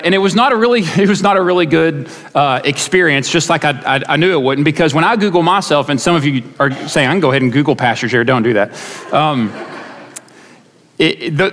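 A man preaching a sermon as a pastor, talking in a halting, vulnerable way with many restarts. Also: a little high, a bit bright. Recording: long hall reverb.

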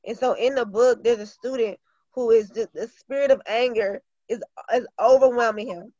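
A woman's voice: fairly high pitch, moderate pace, mellow, no echo, lo-fi sound. A woman teacher and author talking earnestly in an interview, with many fillers and restarts. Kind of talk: casual interview talk.

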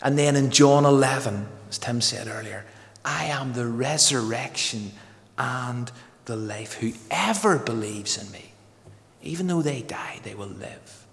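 A man preaching a sermon with emphatic delivery, slowing to drawn-out phrases for stress. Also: mid-range voice, vocal fry, long reverb tail. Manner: emphatic, varied pace with slow dramatic pauses.

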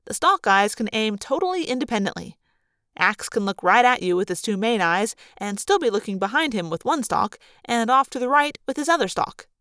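A woman's voice: a little high, fairly quick, clear, resonant tone, dry recording. Woman reading a story aloud, dry close sound. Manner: lively first-person storytelling, bursts into loud yelling. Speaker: audiobook reader. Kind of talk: read-aloud fan narration.

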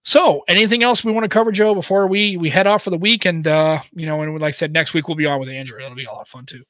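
Man, American, tech podcast co-host, casual chat, bright voice, dry close mic. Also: on the high side, quick pace, no room sound. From United States. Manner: loose and swearing, jokey.

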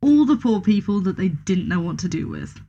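A woman's voice: mid-range voice, big pitch swings, a little fast, warm tone, breathy edge, dull audio. A woman with a mid-range voice chimes in on a casual podcast. Her remarks are blunt and offhand. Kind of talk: casual chat about a horror film.

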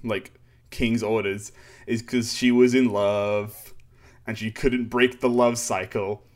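A man's voice: fairly low pitch, little pitch movement, slow pace. A man casually recapping a manga chapter on a podcast, rambling with fillers and sarcastic asides. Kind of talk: casual chat.

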